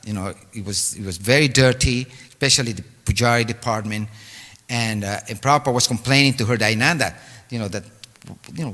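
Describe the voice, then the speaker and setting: An older man tells a long personal story at a temple gathering, pausing and restarting with many fillers. His voice is bright and forceful, at a middle pitch. The sound rings on in a large reverberant hall. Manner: halting, with frequent fillers and restarts. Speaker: devotee giving a homage talk. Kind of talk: storytelling reminiscence.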